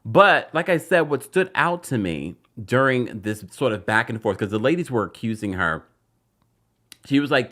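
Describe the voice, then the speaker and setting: A man hosting a casual reality TV recap show, chatting and reading a sponsor spot. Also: moderate pace. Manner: animated, chatty, jumps up in pitch for emphasis.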